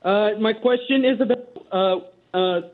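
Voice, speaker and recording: Hesitant caller on a tinny phone. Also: male voice, high-pitched, a little slow. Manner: hesitant, many fillers. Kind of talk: phone-in question.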